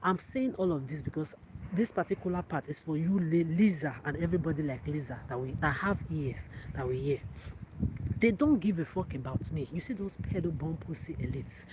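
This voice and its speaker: A woman's voice: deep voice, moderate pace. A woman, hosting a livestream in a defiant, profane, repetitive rant. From Africa. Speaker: livestream host. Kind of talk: angry livestream monologue. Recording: loud background noise.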